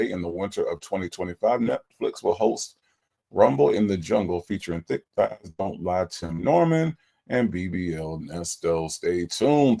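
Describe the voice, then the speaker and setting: Male livestream host, low voice, lively sing-song delivery, reads chat and greets viewers. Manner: greets viewers one by one and reads their chat comments aloud. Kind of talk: casual livestream chat reading.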